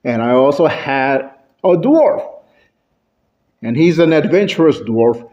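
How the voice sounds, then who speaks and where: A man delivering a prepared club speech, playing with his pitch and loudness for effect. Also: big pitch swings, slow pace, highs cut off. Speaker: Toastmasters club speaker. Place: club meeting room.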